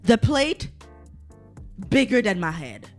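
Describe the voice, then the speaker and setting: A woman's voice: fairly high pitch, big pitch swings, slow pace, soft background music. Foul-mouthed young woman ranting. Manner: swears a lot, ranty and digressive; exasperated, exaggerated complaining. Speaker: podcast host. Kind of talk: casual solo podcast rant.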